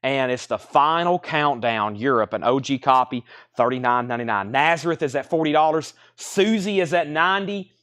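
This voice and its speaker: A man hosting a live record sale, rattling off titles and prices in brisk auctioneer patter, a bit out of breath. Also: mid-range voice, lively intonation, fairly bright tone.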